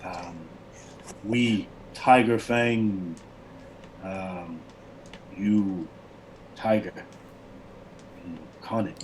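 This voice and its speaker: A man doing a gruff barbarian warrior in broken speech. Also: sits low, fairly even intonation, slight background noise, voice pushed down, poor audio. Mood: halting. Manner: halting, clipped broken phrasing.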